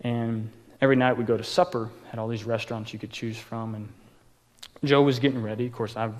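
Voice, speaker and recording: A man's voice: mid-range voice, fairly even intonation, brisk. A man preaching a sermon as pastor at a live church service, casual and joking as he tells personal stories. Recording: long reverb of a large church hall.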